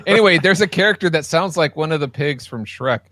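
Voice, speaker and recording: A man's voice: fairly high pitch, expressive, fairly quick, fairly bright tone, dry recording. A man co-hosting a casual podcast, flustered and giggly, often losing his words. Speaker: podcast co-host.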